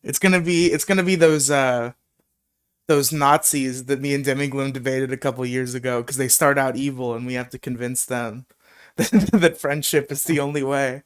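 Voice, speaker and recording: Laughing young man with a smooth voice. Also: mid-range voice, fairly even intonation, moderate pace. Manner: laughs often, swears freely, jokey. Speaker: podcast host. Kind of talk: casual chat on a live show.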